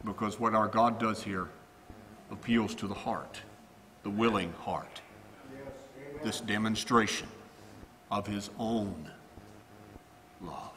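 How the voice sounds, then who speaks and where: A man preaching a sermon, his delivery swinging between quiet stretches and loud, emphatic climaxes. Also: lowish voice, fairly even intonation, slow pace, long pauses, a little hiss or hum. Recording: long hall reverb.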